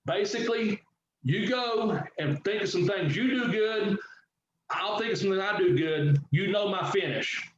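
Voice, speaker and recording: A middle-aged former wrestler telling a story in a casual interview, animated and swearing freely as he acts out what others said. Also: high-pitched, normal speed. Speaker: guest, former pro wrestler. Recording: echoey, dull, slightly noisy audio.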